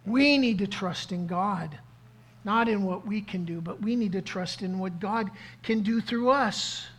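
Here a pastor gives a sermon to a live audience at a slightly slow pace and a medium pitch. The delivery invites interaction, asking the congregation questions and repeating key phrases.

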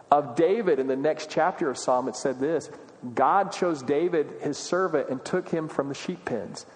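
A man's voice: on the high side, darkish tone, long reverb tail. A man preaching a sermon, earnest and full of rhetorical questions, building in emphasis as he goes. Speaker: pastor.

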